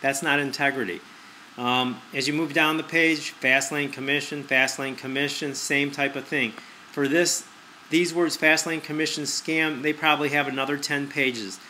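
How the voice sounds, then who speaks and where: A man's voice: fairly high pitch, steady tone, moderate pace, bright, forceful tone, slight background noise. A man giving a persuasive screen-recorded review, repeating his points and asking rhetorical questions. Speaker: online marketer.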